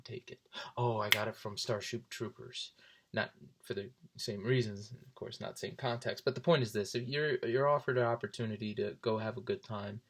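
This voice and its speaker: A young man in his twenties, casually telling stories, often jumping into high voices for people he quotes. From South Jersey. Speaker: vlogger. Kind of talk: casual storytelling.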